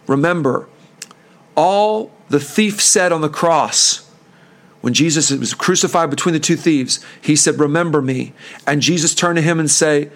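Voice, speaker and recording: A man's voice: fairly high pitch, unhurried. A man hosting a preaching podcast, fervent and earnest, who voices pleading prayers.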